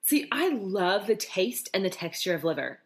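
A woman's voice: medium pitch, very animated, normal speed. A woman co-hosting a podcast in casual faith-based chat, earnest and emphatic, repeating her points. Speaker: podcast co-host.

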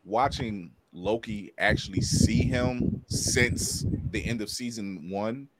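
A man co-hosting a casual podcast review chat, animated and laughing often as he acts out quotes. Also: lowish voice, takes it slowly, a little hiss or hum. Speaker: podcast co-host.

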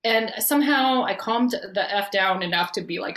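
A woman in her forties from Canada, telling her story as a podcast guest in a bubbly, animated way and laughing often. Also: medium pitch, normal speed. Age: 40s. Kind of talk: storytelling in conversation. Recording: roomy echo.

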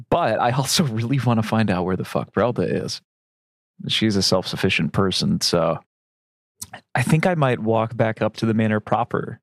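A man's voice: on the low side, dry recording, studio quality. Casual man thinking aloud at a game table. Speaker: player. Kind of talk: casual chat while playing a tabletop game.

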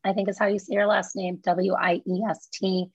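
A woman guest chatting casually and quickly, full of "like" and fillers. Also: medium pitch, flat delivery, darkish tone, breathy edge, no room sound, dull audio. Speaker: guest, studio owner. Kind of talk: casual chat.

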